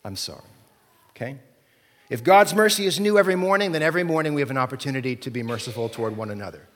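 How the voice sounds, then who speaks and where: Male pastor, slightly high voice, conversational sermon, long hall reverb. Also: steady tone, rapid-fire, fairly bright tone. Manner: conversational preaching with frequent "right?" and "okay?".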